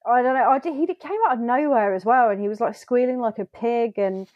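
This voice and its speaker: A woman, co-hosting a casual podcast and chatting hesitantly, with many pauses and trailing phrases. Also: on the high side, no room sound. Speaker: podcast co-host. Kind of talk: casual chat. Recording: dull, dry lo-fi sound.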